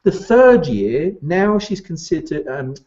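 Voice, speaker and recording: A man's voice: a little high, sing-song, slow, darkish tone, highs cut off. A man giving a motivational training talk to recruitment business owners, emphatic and repeating his key points.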